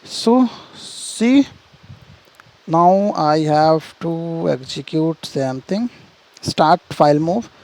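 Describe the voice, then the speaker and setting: A man's voice: fairly high pitch, lively intonation, very slow, a little mellow, a little hiss or hum, poor audio. A man teaching programming in a screen-share tutorial, walking through steps and checking in with "see" and "right?". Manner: explains step by step, repeats "see" and "right?", frequent restarts.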